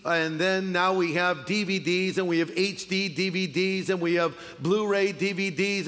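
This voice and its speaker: A middle-aged man preaching a sermon as pastor, joking and doing quick impressions as he tells stories. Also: sits high, a bit bright, a little hiss or hum. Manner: humorous storytelling with impressions. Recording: long reverb of a large hall.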